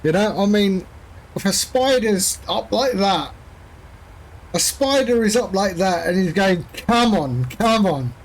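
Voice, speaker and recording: A man's voice: high voice, measured pace. A man streaming a flight simulator, chatting casually and rambling with jokey asides to his viewers. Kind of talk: casual chat while flying a sim.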